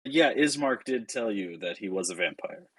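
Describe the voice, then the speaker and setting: A man narrating a tabletop game as game master, often pausing with filler sounds. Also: fairly low pitch, animated, husky, low-quality recording. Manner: hesitant, with frequent filler sounds.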